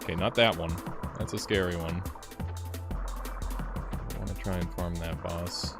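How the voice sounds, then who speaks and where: A young man streaming a game, telling a story in a casual, animated way, swearing freely, laughing often and jumping higher when excited. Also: measured pace, loud music behind the voice. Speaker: gaming streamer. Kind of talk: casual live-stream chat.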